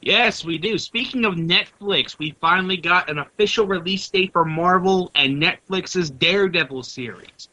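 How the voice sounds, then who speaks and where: Wry man with a bright, dull-toned mic. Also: high-pitched, normal speed, few pauses. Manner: wry, sarcastic. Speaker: podcast co-host presenting news. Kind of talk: casual chat, reading news items.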